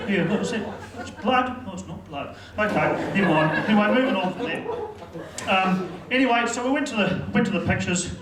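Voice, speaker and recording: A man's voice: high-pitched, reverberant, far from the mic, poor audio. A man with a New Zealand accent doing rambling stand-up storytelling at a comedy club. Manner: rambling, lots of fillers and asides.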